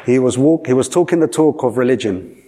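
A man's voice: medium pitch, lively intonation, brisk, warm tone. A man preaching a sermon, repeating phrases for emphasis and asking the listeners questions. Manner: repetitive, emphatic, asks the audience questions.

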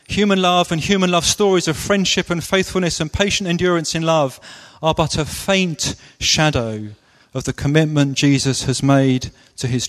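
A man preaching a sermon with slow, deliberate, emphatic phrasing. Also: a little high. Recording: long reverb of a large hall.

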